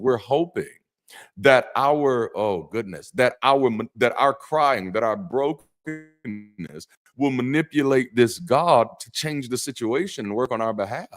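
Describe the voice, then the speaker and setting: Man, former pastor, live call-in host, mid-range voice, emphatic preacher cadence, casual swearing. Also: mid-range voice. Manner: animated and emphatic, with preacherly turns of phrase and frequent restarts; blunt and slangy, swearing casually. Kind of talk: livestream monologue to chat.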